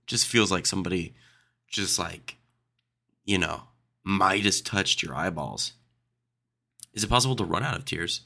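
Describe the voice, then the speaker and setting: A young man with a low, gravelly voice and a bright, forceful edge hosts a casual solo podcast. He reads questions aloud and answers them with quick sarcastic quips. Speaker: podcast host.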